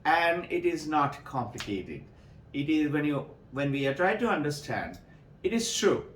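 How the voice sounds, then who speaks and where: Male spiritual teacher addressing devotees; lively storyteller, slightly high pitch, roomy echo. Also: a little slow, a little hiss or hum. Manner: animated storytelling, acts out voices in parables.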